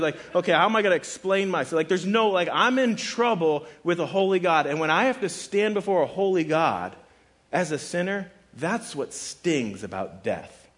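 Casual, chatty preacher man. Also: on the high side. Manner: casual and conversational, with frequent "like" fillers; dramatic, voices the people in his scripture quotes. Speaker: pastor. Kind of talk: sermon.

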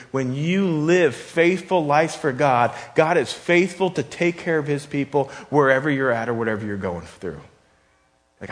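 A man preaching a sermon, reading scripture with rising emphasis and talking conversationally, with repeated phrases and restarts. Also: mid-range voice. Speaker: pastor. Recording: long hall reverb.

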